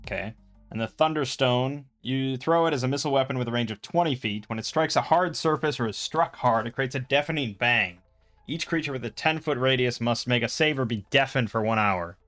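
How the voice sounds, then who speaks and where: A man with an ordinary mid-range voice runs a solo tabletop role-playing game on his own. He talks casually, reads out rules and rolls, and reasons aloud about each choice. Soft music plays faintly behind him. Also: medium pitch, a little fast.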